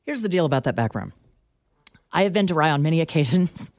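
A woman's voice: deep voice, expressive, darkish tone, dry recording, clean studio sound. Wry, emphatic woman radio co-host. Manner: wry, emphatic, quick to laugh. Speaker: radio talk show co-host. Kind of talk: casual radio banter.

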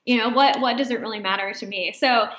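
A woman with a high voice, a guest telling a personal story in a conversational way, laughing often as she talks. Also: fast, a bit bright, echoey room. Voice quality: high-pitched voice. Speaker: interview guest.

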